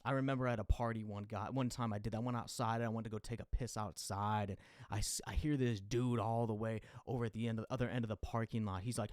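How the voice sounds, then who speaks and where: A young man hosting a podcast, talking in a rambling, confessional way with lots of fillers and restarts, and getting loud and exasperated when he rants. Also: on the low side, steady tone, fast, few pauses, no echo, studio quality. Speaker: podcast host. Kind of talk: casual monologue.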